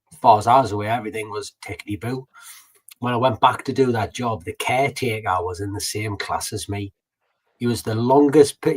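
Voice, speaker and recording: A man's voice: fairly low pitch, poor audio. A man co-hosting a casual chat, telling blunt school stories with local turns of phrase. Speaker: podcast co-host.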